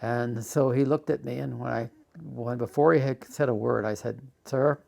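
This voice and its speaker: An older man in a documentary interview, telling a personal story with halting restarts and rising agitation. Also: mid-range voice, steady tone, creaky, a little mellow.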